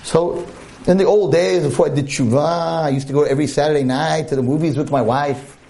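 A man's voice: on the high side, fairly even intonation, fairly quick, creaky, warm tone. A man giving a storytelling holiday sermon, humorous and preachy by turns. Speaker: speaker at a holiday talk.

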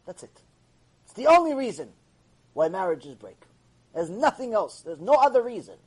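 A man gives an animated Mussar lecture in a high, husky voice. His pitch swings widely as he repeats key lines and keeps pressing with rhetorical questions. He lectures with lively energy. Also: normal speed, rough recording. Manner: repetitive, acts out dialogue, rhetorical questions. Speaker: Torah teacher giving a Mussar lecture.

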